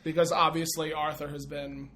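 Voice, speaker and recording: A man's voice: a little high, little pitch movement, moderate pace, crowd noise. A man co-hosting a podcast, recapping an old sitcom episode in casual chat and talking over his co-host.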